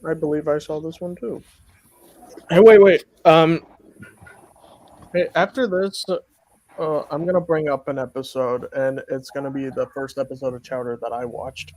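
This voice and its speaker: A man's voice: fairly high pitch, steady tone, moderate pace, pauses often, a little mellow, rough recording. A man in casual chat, talking in a hesitant, meandering way. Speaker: co-host.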